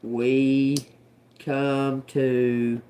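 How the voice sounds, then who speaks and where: A woman's voice: very deep voice, flat delivery, very slow, dark tone. A woman doing a live-stream tarot reading, talking casually and profanely, laughing often and trailing off into restarts. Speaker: tarot reader.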